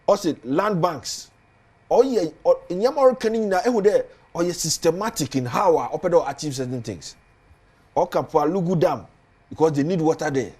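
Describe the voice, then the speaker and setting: A man's voice: fairly high pitch, lively intonation, moderate pace, darkish tone, slightly rough. A man with a Ghanaian accent, a politician guest on a studio talk show, speaking earnestly and building emphasis as he lists points.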